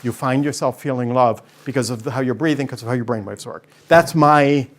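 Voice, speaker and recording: A man with a mid-range voice, speaking a little fast, is a studio guest telling animated stories to the audience. With lots of energy, he acts out the characters' voices as he goes.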